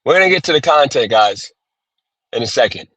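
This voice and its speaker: A man's voice: medium pitch, expressive, fairly quick, fairly bright tone, no room sound. A man livestreaming from his car as a gig worker, ranting, cursing and repeating himself in frustration. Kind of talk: frustrated live-stream rant. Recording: dull dry phone audio.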